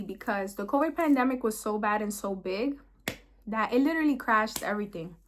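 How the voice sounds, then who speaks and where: A young woman vlogging, telling a personal story in an animated, emphatic way, repeating words for emphasis. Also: mid-range voice, moderate pace. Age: young adult. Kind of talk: storytime vlog.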